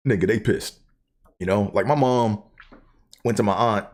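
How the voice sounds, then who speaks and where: A man's voice: mid-range voice, expressive, moderate pace, pauses often, darkish tone. A man hosting his own show, telling stories in a casual, profane, joking monologue. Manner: profane, laughing storyteller. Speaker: host.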